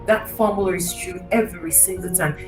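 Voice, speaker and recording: A woman speaking as a podcast guest and mindset coach, telling a story in an animated, emphatic way and repeating her key phrases. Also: fairly low pitch, fairly quick. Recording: echoey distant mic with faint music.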